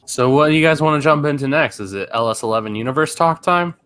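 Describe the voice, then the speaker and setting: A man's voice: a little high, fast, fairly bright tone, smooth. A young man co-hosting a podcast, giving blunt, short remarks in casual chat. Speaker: podcast co-host.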